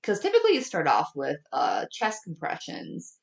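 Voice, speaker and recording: A woman with a lowish voice chats about a movie as a podcast co-host. Her pitch swings widely while she recaps scenes with plenty of fillers. The room around her sounds roomy and echoey. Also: normal speed, gravelly. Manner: lively, chatty, talks through scenes with many fillers. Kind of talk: casual movie review chat.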